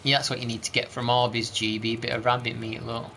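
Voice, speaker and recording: A man's voice: mid-range voice, little pitch movement, quick pace, vocal fry, sharp tone, slight background noise. A man with an East Midlands accent, chatting casually with his viewers and muttering to himself as he plays a game on a live stream. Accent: East Midlands English. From East Midlands, England. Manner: laid-back, chatty, mutters to himself while playing. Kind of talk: casual live-stream chat, reading chat aloud.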